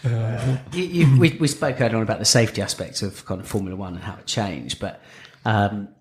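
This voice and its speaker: A man hosting a podcast, asking relaxed questions with hesitations and restarts. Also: fairly low pitch, brisk. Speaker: podcast host. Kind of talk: casual podcast interview.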